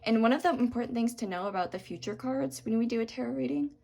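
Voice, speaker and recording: A woman's voice: on the high side, quick pace, vocal fry. Young woman doing a tarot reading, kind and sorry-sounding, voice cracking a bit, lots of ums. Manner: gentle, reassuring, with frequent ums and apologies. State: voice cracking from talking a lot. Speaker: tarot reader.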